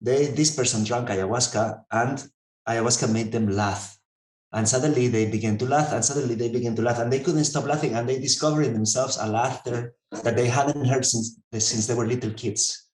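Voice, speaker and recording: A man telling stories in conversation, halting, with frequent restarts. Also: medium pitch, darkish tone, echoey room. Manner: halting, many restarts and fillers, storytelling. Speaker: researcher and interviewer. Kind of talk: conversational storytelling.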